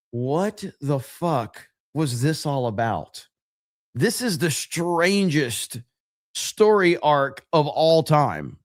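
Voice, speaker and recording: A man's voice: on the high side, sing-song, extremely slow. A man hosting a casual livestream podcast, laughing often and rambling as he reads out viewer messages. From United States.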